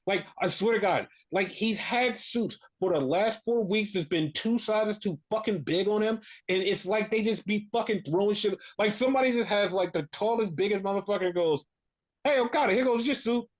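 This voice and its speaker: A podcast co-host ranting in casual chat, animated and full of profanity. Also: mid-range voice, normal speed, few pauses, dull audio.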